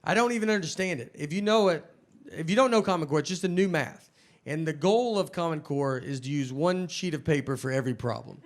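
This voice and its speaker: A man doing stand-up, telling meandering stories in a deadpan way. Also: fairly high pitch, a little fast, slight background noise. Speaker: stand-up comedian. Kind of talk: stand-up routine.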